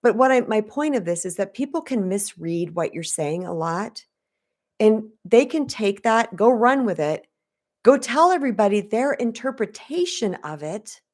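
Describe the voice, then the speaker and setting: A woman relationship coach speaking frankly to her viewers in a casual, direct way, telling stories and talking in a lively, straight-talking manner. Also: medium pitch, normal speed. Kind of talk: casual direct-to-camera talk.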